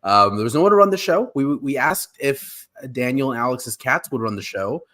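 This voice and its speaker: A male podcast host who chats casually and rambles through his stories. His pitch rises and falls a lot, giving him a lively sound. He pokes fun at himself and laughs easily. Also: moderate pace. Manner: rambling, self-mocking, laughs often. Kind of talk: casual pop culture chat.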